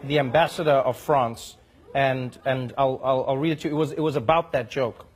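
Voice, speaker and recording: A man's voice: medium pitch, moderate pace. A man hosting a comedy show, delivering a joking monologue that builds up to punchlines.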